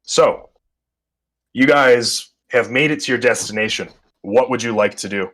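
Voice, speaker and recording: A man's voice: medium pitch, unhurried, fairly bright tone. A man narrating a tabletop horror game as game master, describing scenes with many ums and uhs.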